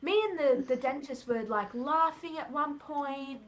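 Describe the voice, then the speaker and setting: A woman's voice: sits high, measured pace, low-quality recording. A young woman in her late teens, a guest telling her story casually, with many filler words and restarts. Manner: chatty, filler-heavy, lots of "like". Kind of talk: casual conversation.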